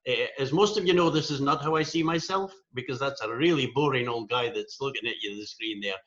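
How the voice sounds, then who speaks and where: A man's voice: medium pitch, brisk, a bit bright. An older man with a Scottish accent, giving a joking, self-deprecating talk as guest speaker over a video call. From Scotland. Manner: jokey, self-deprecating storyteller. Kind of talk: virtual club presentation. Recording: dull lo-fi video call audio.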